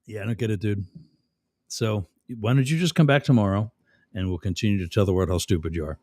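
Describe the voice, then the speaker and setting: A man's voice: on the low side, quick pace, a little mellow, dry recording, clean studio sound. A man hosting a live stream, reading chat comments aloud and mocking the commenters sarcastically. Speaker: livestream host.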